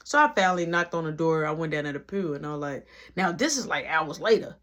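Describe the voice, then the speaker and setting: A woman's voice: low-pitched, fast talker. Woman telling a slangy story. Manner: slangy, animated retelling with many quoted lines. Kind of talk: casual storytelling.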